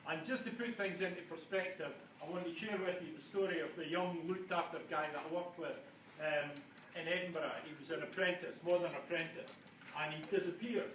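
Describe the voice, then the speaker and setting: A man's voice: on the high side, fairly even intonation, brisk, a bit bright. A man giving a jokey, self-mocking, rambling talk to a live conference audience. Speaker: conference speaker. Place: conference hall. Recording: echoey hall, distant mic, noisy room.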